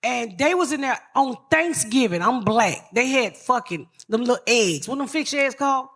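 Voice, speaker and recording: A woman's voice: on the high side, expressive, normal speed, fairly bright tone. A woman podcast host telling profane comic stories on a live stage, brash and blunt, laughing through her tales.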